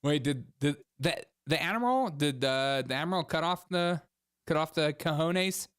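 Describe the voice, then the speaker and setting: A man's voice: fairly high pitch, moderate pace, a bit bright, clear, resonant tone. A man hosting a political comedy podcast, riffing sarcastically and laughing at the news. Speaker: podcast host.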